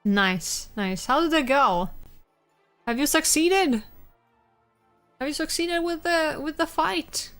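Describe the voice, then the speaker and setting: A young adult woman streaming live, chatting casually with viewers in a halting way, full of restarts and little laughs. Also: high-pitched, a bit bright, soft background music.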